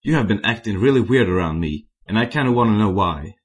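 A man's voice: on the low side, expressive, quick pace, dull audio, natural voice. A man voicing a timid, flustered young male zombie hunter who stammers. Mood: pleading.

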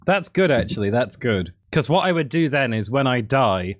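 A man hosts a casual podcast among friends and keeps the talk loose and jokey. His pitch rises and falls a great deal. He laughs easily between his lines. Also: normal speed, dry recording. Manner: jokey, lively, laughs often. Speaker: podcast host. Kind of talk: casual chat.

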